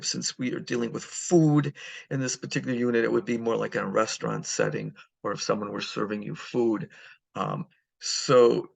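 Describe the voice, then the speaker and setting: A man teaching a Spanish lesson, going over phrases patiently and repeating them slowly, with many fillers. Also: medium pitch, creaky. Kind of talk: recorded online lesson walkthrough.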